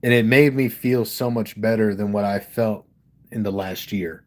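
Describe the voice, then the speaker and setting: A man from Delaware, a rapper hosting a casual livestream, talks candidly and emphatically about his music into a studio microphone, swearing a lot. His voice is lowish and a little mellow, with fairly even intonation and a moderate pace.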